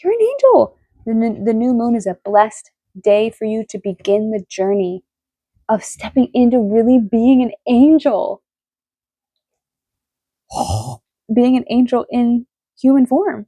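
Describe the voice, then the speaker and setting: A woman giving a casual tarot reading, excitable and emotional, swearing freely as she talks. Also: a little high, slow pace, pauses often, dry recording. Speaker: tarot reader.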